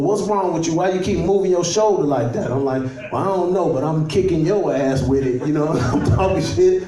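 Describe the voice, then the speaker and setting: A young man from Chicago tells a rambling stand-up story, chuckling along with his own punchlines. His voice sits high, and the club sound is very echoey, heard from a distance with the audience laughing. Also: a little mellow. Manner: loose, storytelling, trash-talking, laughs at his own jokes. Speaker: stand-up comedian. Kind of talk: stand-up comedy set. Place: comedy club stage at a holiday party. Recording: echoey club audio from far off.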